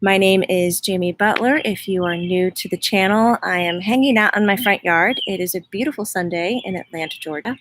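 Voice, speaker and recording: A woman's voice: mid-range voice, brisk, hardly any pauses, noisy background. Woman host, casual livestream chat, outdoors in a front yard, greeting viewers. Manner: warm, chatty, reads out viewer greetings. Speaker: host, spiritual medium.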